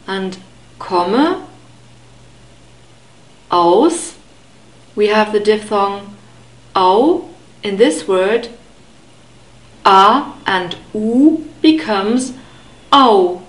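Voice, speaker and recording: Slow, careful woman teaching pronunciation. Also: mid-range voice, animated, reverberant, rough recording. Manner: careful, deliberate enunciation with repeated model words. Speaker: language teacher.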